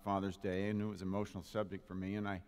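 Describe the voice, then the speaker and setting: A man's voice: low-pitched, level tone, racing, a little mellow. A man giving a humorous, playful sermon to a live congregation, speaking into a microphone and drawing the audience in. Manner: playful, jokey, engages the audience. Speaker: spiritual practitioner giving a talk. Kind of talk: humorous Father's Day sermon. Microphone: handheld or stand microphone. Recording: long reverb of a hall.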